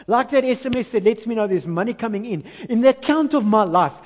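Animated South African preacher, high voice. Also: male voice, quick pace, few pauses. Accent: South African, mixing in Afrikaans. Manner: animated preaching, swings between loud and hushed; self-mocking, conversational asides to the congregation. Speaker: pastor. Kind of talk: sermon.

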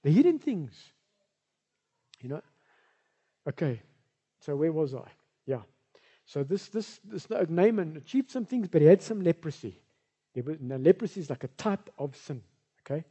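A man's voice: fairly high pitch, sing-song, normal speed, pauses often, warm tone, breathy edge, in a large hall. A male pastor, preaching a sermon in a conversational, rambling way with side remarks. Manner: conversational, rambling, with asides and filler.

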